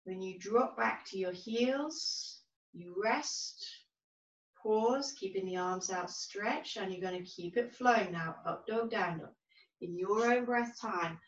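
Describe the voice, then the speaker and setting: A woman teaching a yoga class, giving calm, gentle, unhurried cues. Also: mid-range voice. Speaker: yoga instructor. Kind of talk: guided yoga class instruction. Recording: roomy, distant, dull-sounding recording.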